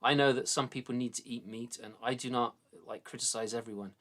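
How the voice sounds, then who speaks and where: A man's voice: medium pitch, fairly even intonation, fairly quick, fairly bright tone. British male host in his middle years, easygoing jokey rambler, ordinary mid-range voice. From Britain. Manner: jokey, rambling, laughs often. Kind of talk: casual chat.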